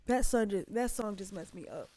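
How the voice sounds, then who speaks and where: A woman's voice: medium pitch, moderate pace, dark tone. A young adult woman hosting a reaction video, chatting casually and with heart, talking straight to her viewers. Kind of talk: casual emotional reaction chat.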